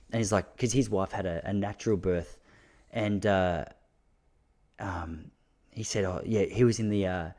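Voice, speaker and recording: A man's voice: fairly low pitch, mellow. A young Australian man hosting a podcast, telling casual stories with frequent laughs and self-mocking asides. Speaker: podcast host. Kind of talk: casual solo storytelling.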